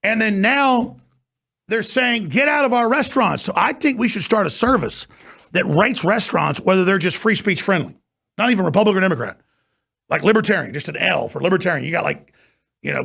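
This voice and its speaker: A man's voice: high-pitched, animated, brisk, creaky, fairly bright tone, breathy edge. A man hosting a talk show, ranting and mocking in an off-air political monologue from a studio.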